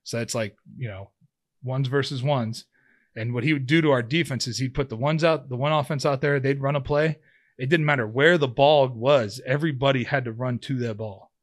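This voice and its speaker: A man's voice: mid-range voice, fairly even intonation, brisk. A man in his thirties, a former pro football player and podcast guest, tells a long story in a loose, rambling way, full of fillers and restarts. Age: 30s. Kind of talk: casual storytelling in an interview.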